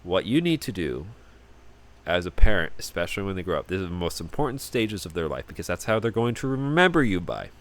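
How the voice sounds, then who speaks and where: A man's voice: sits low, sing-song, brisk. A young man hosting a casual solo podcast, rambling and often repeating words as he starts sentences. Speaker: podcast host.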